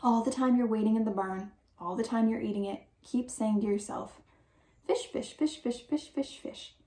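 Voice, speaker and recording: A woman's voice: on the high side, fairly even intonation, brisk, warm tone, lightly acted. A woman voicing an eager boy named Tom, talking persuasively in a storybook reading. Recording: roomy echo.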